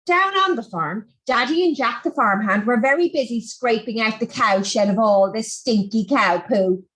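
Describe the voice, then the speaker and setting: A woman reading a children's farm story aloud in an expressive, animated storybook style. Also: fairly high pitch, moderate pace, low-quality recording.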